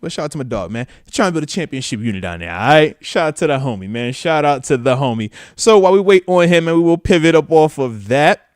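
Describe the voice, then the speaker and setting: Lively slangy male live-stream host. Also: fairly high pitch, fast, no room sound, studio quality. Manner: loose and slangy, with a constant "man" filler; animated, with playful asides. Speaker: host of a football talk livestream. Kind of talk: casual live-stream chat. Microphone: close microphone that picks up breaths.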